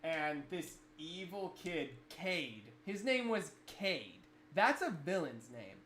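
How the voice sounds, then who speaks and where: A man's voice: fairly high pitch, slow. A man on a livestream, telling a childhood story casually and animatedly, with many fillers. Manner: animated, rambling anecdote with fillers. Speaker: livestream co-host. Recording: echoey room with faint noise.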